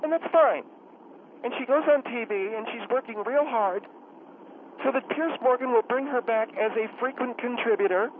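Man doing a catty high-voiced woman caller on a tinny phone. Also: moderate pace, a little hiss or hum. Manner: rambling, indignant, mocking. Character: catty middle-aged woman caller, gossipy and defensive.

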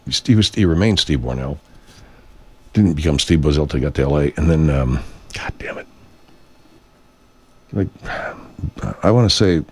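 A male radio host with a very low voice talks off the cuff. He wanders from point to point, restarts often and drops casual profanity. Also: lively intonation, normal speed, pauses often, darkish tone, breathy edge. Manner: meandering, self-interrupting, swears freely. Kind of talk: rambling casual monologue.

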